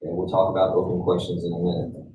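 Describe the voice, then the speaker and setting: A man's voice: low voice, monotone, quick pace, distant mic, phone-quality sound. Male trainer, conversational lecture, roomy echo, a bit off-mic. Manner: conversational, checks in with "right?" and "okay?". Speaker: sales trainer.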